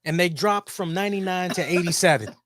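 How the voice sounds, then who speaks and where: A man's voice: high voice, fairly quick, dry recording, studio quality. A man co-hosting a talk show, ranting casually with lots of swearing and jokes. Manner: animated, heavy swearing, jokey. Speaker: podcast co-host. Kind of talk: casual profane rant.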